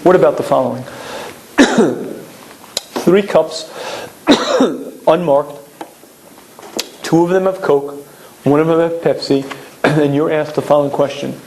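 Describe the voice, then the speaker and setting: A man giving a recorded Torah lecture, explaining emphatically and clearing his throat often. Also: a little high, slow, pauses often, darkish tone, a little hiss or hum, poor audio.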